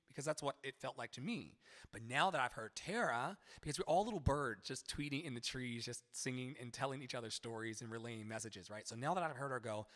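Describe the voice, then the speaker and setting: A man teaching a live-streamed singing lesson, animated, breaking into sung lyric lines to demonstrate. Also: mid-range voice, fairly quick, big-room sound.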